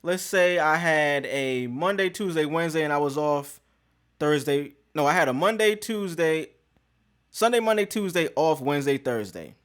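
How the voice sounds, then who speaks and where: A man's voice: on the high side, expressive, moderate pace, fairly bright tone. A man hosting a podcast, telling a story in casual street slang with plenty of profanity. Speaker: podcast host.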